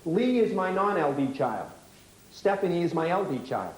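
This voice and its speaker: A man leads a teaching workshop, firing rapid questions at his audience and then explaining. His voice sits high for a man. The recording carries the ring of a large, echoey hall. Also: big pitch swings. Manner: brisk, rapid-fire questioning. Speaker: workshop leader.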